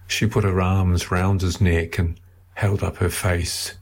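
A man reads a novel aloud in a measured, steady way, his voice very deep and gravelly. He speaks slowly, with a husky grain to the tone. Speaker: narrator. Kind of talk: audiobook reading of a novel.

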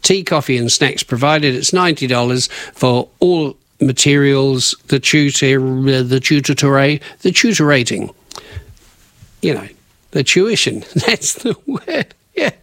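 A man's voice: mid-range voice, measured pace, fairly bright tone, no room sound. A man hosting local radio, chatting casually and rambling through event notices with self-corrections. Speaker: radio host.

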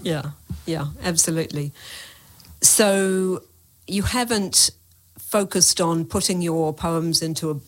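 A woman's voice: on the low side, slow. A woman interviewing a guest, asking questions and giving short encouraging replies.

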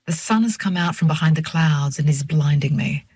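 An older woman reads a first-person story in a measured, reflective voice. Her tone is husky and breathy. The recording is close and dry, with no room sound. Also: deep voice, steady tone, a little mellow, no room sound. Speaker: narrator. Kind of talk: first-person audiobook narration.

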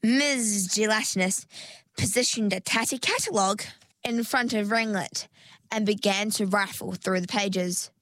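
A woman narrating a children's storybook in a slow, even, clear reading. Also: medium pitch, no room sound.

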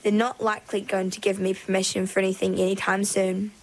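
A woman's voice: medium pitch, little pitch movement, a little fast, close to an everyday voice, low-quality recording. A woman voicing a reluctant young mergirl in a storybook reading, with a grumbling manner.

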